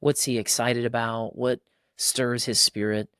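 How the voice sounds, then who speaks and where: A man speaking in casual podcast conversation, earnest and direct, with a pastor's conviction. His voice sits at an ordinary middle pitch and is recorded close and dry. He slips into lively raised voices when quoting others. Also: unhurried, smooth, no room sound. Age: adult father of young boys. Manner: earnest, acts out quoted dialogue in a raised voice.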